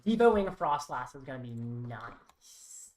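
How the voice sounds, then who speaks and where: A woman streaming a card game who mutters her plays aloud in a wry, thinking-out-loud manner. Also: rumbling low, very animated, takes it slowly. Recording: roomy echo.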